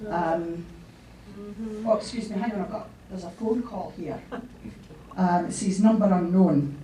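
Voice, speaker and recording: A woman's voice: fairly low pitch, a little slow, warm tone. A Scottish woman giving a humorous memorial speech, joking and laughing often as she fakes a phone call. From Scotland. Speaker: mourner giving a eulogy. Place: memorial hall. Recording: echoey hall from far off, noisy.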